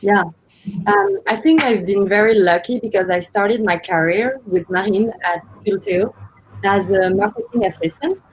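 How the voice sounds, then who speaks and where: A woman's voice: mid-range voice, normal speed, slight background noise. A woman founder speaks on a panel, explaining her points earnestly with small fillers. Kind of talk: panel discussion. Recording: muffled lo-fi audio.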